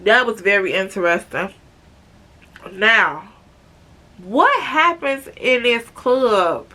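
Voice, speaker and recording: A woman in her twenties from Chicago telling an animated, slangy storytime to her viewers. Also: mid-range voice. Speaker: vlogger. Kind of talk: storytime vlog.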